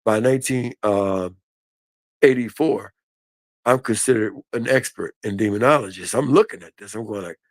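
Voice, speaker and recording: An older man telling a story in a casual, animated and folksy way on a live stream. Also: fairly low pitch, moderate pace, no echo.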